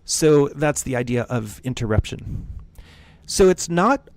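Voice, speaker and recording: A man's voice: mid-range voice, expressive, a little slow, dry recording. A man teaching music theory in a loose, conversational lecture with jokey asides. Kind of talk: casual lecture.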